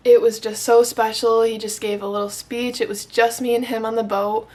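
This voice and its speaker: A young woman from Michigan tells a personal story straight to the camera. Her voice sits fairly high, and she gushes and gets emotional, filling her sentences with "like.". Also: little pitch movement, normal speed, few pauses, darkish tone. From Michigan, USA. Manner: gushing, emotional, heavy use of "like". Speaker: vlogger.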